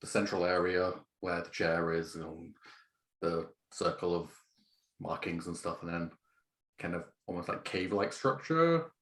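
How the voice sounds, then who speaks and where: Man, tabletop player, deep low voice, thinking aloud, casual. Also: unhurried, fairly bright tone. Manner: thinking aloud with many fillers. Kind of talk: tabletop game play.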